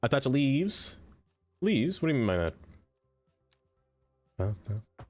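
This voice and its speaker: A man streams himself playing a city builder, taking his time over each move. He chats to his viewers and mutters at the game when it will not cooperate. Soft music plays faintly in the background. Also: mid-range voice, sing-song, slow. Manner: chatty, talks to the game and to chat. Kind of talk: live gameplay commentary.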